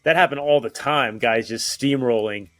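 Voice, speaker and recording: A man's voice: mid-range voice, moderate pace, no echo. Male author guest, thoughtful and rambling, leans on "right?"; dry close sound. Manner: reflective, lots of "like" and "right?". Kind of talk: casual interview chat.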